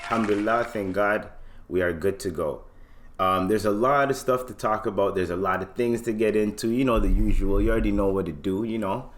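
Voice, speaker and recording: A man's voice: lowish voice, fairly quick, a faint crowd, slight background noise. A man hosting a podcast in loose, slangy casual chat, often checking in with listeners. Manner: loose, slangy, keeps asking "you know what I mean". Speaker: podcast host.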